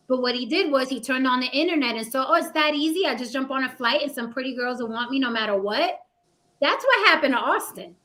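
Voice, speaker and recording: Forceful high-pitched woman host. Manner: forceful, emphatic, profane; acts out men's voices in a low mocking tone. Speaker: panel host. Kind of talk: heated panel discussion.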